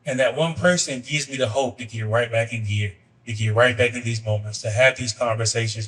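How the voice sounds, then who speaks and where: A man's voice: medium pitch, a bit bright, recorded from a distance, low-quality recording. A man hosting a podcast and talking loosely with lots of fillers as he moves between questions. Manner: loose, rambling, uses many fillers. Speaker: podcast host. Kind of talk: casual interview.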